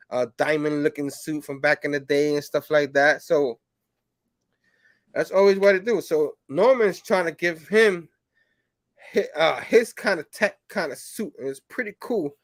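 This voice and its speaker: Male host, casual review chat, slightly raised pitch, rambling filler-heavy delivery, dry sound. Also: measured pace, dry recording. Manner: rambling, filler-heavy, animated when acting out quotes. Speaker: comic book show host.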